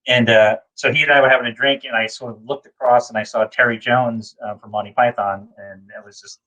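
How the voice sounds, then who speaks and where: A man's voice: steady tone, brisk, pushed and bright, lo-fi sound. A man from New England, co-hosting a casual chat and telling long, rambling anecdotes full of fillers. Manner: rambling storyteller, acts out quotes in a high voice. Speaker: co-host.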